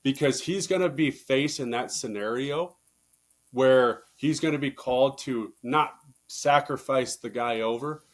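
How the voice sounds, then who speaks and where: A man, a baseball coach, talking through coaching stories in a casual interview, getting louder and higher when he presses a point and swearing casually. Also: measured pace. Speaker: baseball coach, podcast guest. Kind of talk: casual conversational storytelling.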